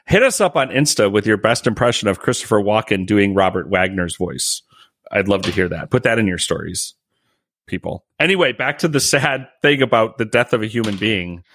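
A man's voice: fairly low pitch, moderate pace, dry recording, studio quality. A man co-hosting a casual podcast, joking around and riffing on impressions. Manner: jokey, animated, tries impressions. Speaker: podcast co-host. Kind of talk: casual true-crime chat.

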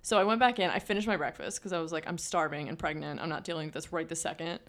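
A woman's voice: deep voice, quick pace. Chatty young woman telling a story. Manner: chatty storytelling with many "like" fillers. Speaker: podcast co-host. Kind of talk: casual chat.

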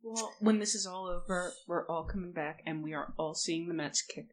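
A woman at a tabletop game who cracks jokes through casual banter. Her voice sits low for a woman. She sounds relaxed. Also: moderate pace. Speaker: player.

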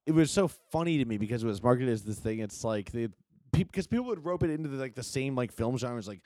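A young man in casual chat, laid-back and often trailing off quietly. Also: medium pitch, lively intonation, fast, no echo.

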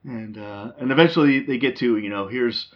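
A man's voice: mid-range voice, normal speed. A man hosting a casual movie chat, rambling with lots of ums and restarts. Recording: dull lo-fi sound.

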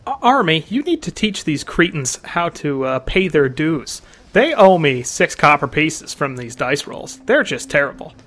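Male player, lively and playful, bright, tense tone, slightly higher voice. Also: a little slow. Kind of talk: casual tabletop game play.

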